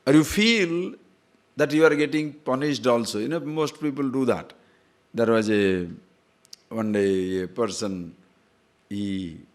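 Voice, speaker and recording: A man, a spiritual teacher, giving a discourse. He tells stories with chuckles and asks his listeners questions. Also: on the low side. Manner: storytelling, chuckling, rhetorical questions.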